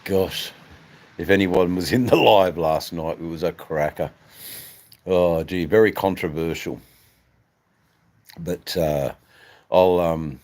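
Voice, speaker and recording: A man's voice: low-pitched, slow pace, long pauses, a little mellow. An Australian man hosting a casual livestream, rambling and swearing as he chats to viewers. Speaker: livestream host.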